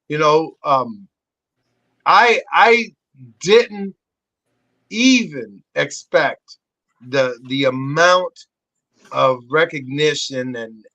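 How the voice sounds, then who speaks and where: A middle-aged man talks as a podcast guest in a high, bright voice, cussing freely as he tells a story. He jumps sharply up in pitch whenever he acts out what someone said. The sound is close and dry, with no room in it. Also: drawn-out words, long pauses, dry recording, poor audio. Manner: animated, profane, acts out quotes with big pitch jumps. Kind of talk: casual storytelling chat.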